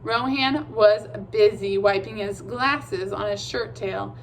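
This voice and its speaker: A woman narrating a children's chapter book with a steady, measured reading. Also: medium pitch, slight background noise, rough recording. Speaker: audiobook reader. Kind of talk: storybook narration.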